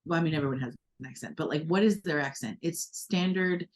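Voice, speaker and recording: Low-voiced woman, earnest. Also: a little fast. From United States. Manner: reflective, earnest, many fillers and restarts. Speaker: podcast co-host. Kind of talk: casual conversation.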